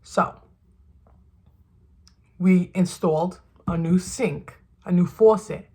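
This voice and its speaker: A woman's voice: lowish voice, slow pace, warm tone, husky. A young woman vlogging from her bathroom in a put-on Southern US accent, chatty and emphatic, swearing freely and often asking "right?". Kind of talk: casual advice monologue. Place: bathroom at home.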